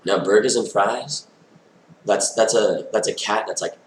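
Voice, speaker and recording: A man's voice: lowish voice, measured pace, roomy sound, low-quality recording. A man talking to camera in a rambling, stream-of-consciousness monologue, full of "like" and loose tangents. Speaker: vlogger.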